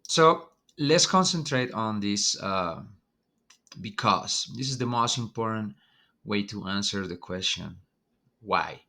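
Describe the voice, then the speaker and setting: Slow, bright-toned man teaching Spanish. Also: lowish voice, expressive. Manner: loose, hesitant explaining with many ums and uhs. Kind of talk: online language lesson.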